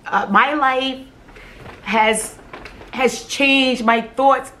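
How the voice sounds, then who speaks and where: A woman, a mother, telling a personal story to camera in a halting, emotional way, often repeating her words and laughing between phrases. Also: high-pitched, fairly even intonation, pushed and bright, slight background noise. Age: adult with children. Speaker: vlogger sharing a personal story.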